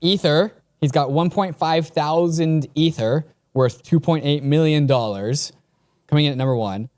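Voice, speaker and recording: A man's voice: a little high, moderate pace, a little mellow. A man co-hosting a casual podcast chat, talking loosely with plenty of filler words. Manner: chatty, lots of "like" fillers. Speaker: podcast co-host.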